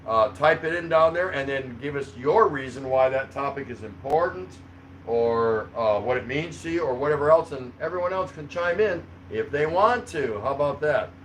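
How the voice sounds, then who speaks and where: A man's voice: mid-range voice, normal speed, a bit bright, a little hiss or hum, low-quality recording. Easygoing man hosting a live chat. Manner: rambling, chuckling, easygoing. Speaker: livestream host reading chat. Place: home in the Philippines.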